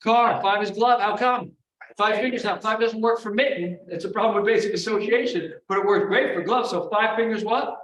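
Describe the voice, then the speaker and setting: A man teaching a memory technique at a live seminar, energetic, quizzing the audience in call-and-response. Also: high voice, brisk. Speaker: memory trainer. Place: large room before a live audience. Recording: echoey room, voice from far off.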